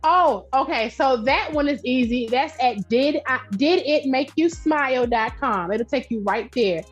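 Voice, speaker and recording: Loud, direct woman with a high voice. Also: unhurried, breathy edge, soft background music. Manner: direct, loud, animated storytelling with laughs. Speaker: podcast guest, entrepreneur. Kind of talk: casual interview chat. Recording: dull lo-fi sound.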